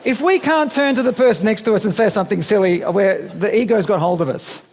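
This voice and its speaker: A man's voice: sits high, a little fast, a little mellow, some chatter behind. A man, giving a chatty, playful seminar talk to a live audience in a conference room and asking them questions. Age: 50s. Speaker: business speaker.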